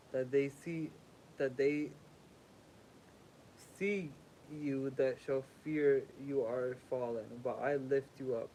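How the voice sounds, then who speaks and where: A man's voice: medium pitch, darkish tone, slight background noise, poor audio. A sleepy man reading a sacred text aloud as a livestream host, stumbling over words, rereading them and making casual asides.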